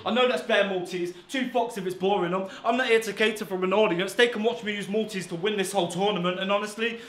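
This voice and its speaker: A man's voice: high-pitched, fairly even intonation, fast, a bit bright. A man from England performing brash, insulting rap battle verses, swearing heavily. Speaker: battle rapper. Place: indoor battle venue. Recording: roomy echo.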